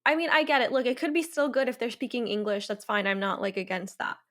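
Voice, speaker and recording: A woman's voice: fairly high pitch, animated, fast, a bit bright. A woman co-hosting a film podcast, talking earnestly in casual chat. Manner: earnest, repeats "I really hope". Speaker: podcast co-host.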